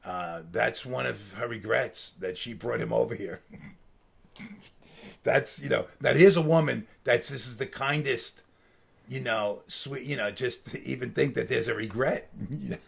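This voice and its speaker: A middle-aged man with a gravelly, husky voice telling casual stories as a guest. He talks in an animated, loose way, laughs mid-sentence, and swears freely. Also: medium pitch, unhurried. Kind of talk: casual storytelling.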